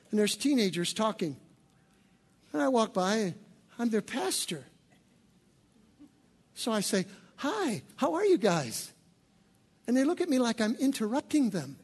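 Husky high-voiced preaching pastor. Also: male voice, sing-song, measured pace, pauses often. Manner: preaching with shouted peaks and playful asides. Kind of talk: sermon.

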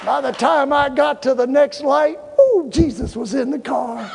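A male pastor preaching a sermon in a church, telling funny stories and breaking into shouted exhortations. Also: very high voice, unhurried, creaky, in a large hall, a faint crowd, a little hiss or hum. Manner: animated, humorous storytelling with shouted exhortations. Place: church sanctuary.

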